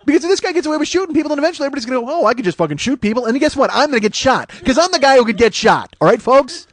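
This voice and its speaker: A man in his forties hosting a comedy podcast, ranting with heavy profanity and loud outbursts. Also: extremely high pitch, animated, very fast. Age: 40s.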